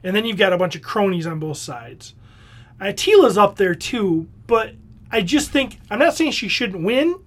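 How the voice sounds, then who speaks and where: Measured, critical man on a podcast. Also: high voice, lively intonation. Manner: measured, critical, thinks aloud. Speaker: podcast co-host. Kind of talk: casual chat.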